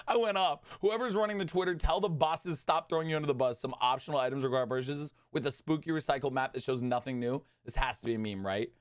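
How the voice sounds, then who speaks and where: A young man giving an agitated, animated rant about a video game, swinging between loud outbursts and muttered asides. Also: on the high side, quick pace, hardly any pauses. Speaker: gaming commentator. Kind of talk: exasperated gaming rant.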